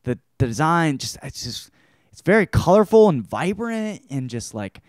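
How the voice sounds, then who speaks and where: A young man hosting a casual solo show, rambling and swearing, with loud outbursts, tired and drinking beer. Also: on the high side, sing-song, moderate pace, no echo, clean studio sound. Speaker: host.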